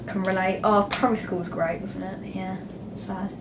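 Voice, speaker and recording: A woman's voice: mid-range voice, fairly even intonation, moderate pace, echoey room, far from the mic, noisy background. A teenage girl, chatting in a gushing, self-mocking way as she shows off school supplies in a casual vlog. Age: teens. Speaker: YouTuber.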